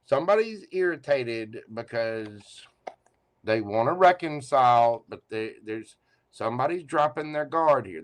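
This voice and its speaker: A man giving a live tarot reading, teasing and playful as he talks straight to the listener. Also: medium pitch. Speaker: tarot reader.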